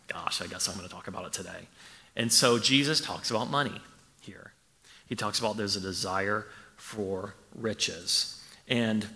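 A man's voice: fairly low pitch, bright, forceful tone, big-room sound. A man preaching a sermon as pastor, talking conversationally and repeating his questions for emphasis. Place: church.

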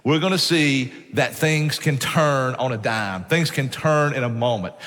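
A man's voice: medium pitch, a little slow, a bit bright, in a large hall. A man preaching a sermon, telling stories in a folksy way and often saying "man". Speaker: pastor. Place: church sanctuary.

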